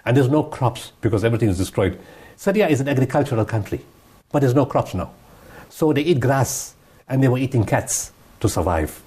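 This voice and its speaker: A man's voice: mid-range voice, animated, a little fast, a little mellow, husky. A man giving impassioned interview answers, emphatic and repeating his points. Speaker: guest humanitarian speaker.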